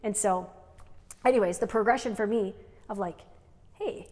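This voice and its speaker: A woman's voice: medium pitch, normal speed, darkish tone. A woman co-hosting an unscripted couple's podcast, talking in a rambling way with frequent "like" and "right?". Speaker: podcast co-host. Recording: long reverb.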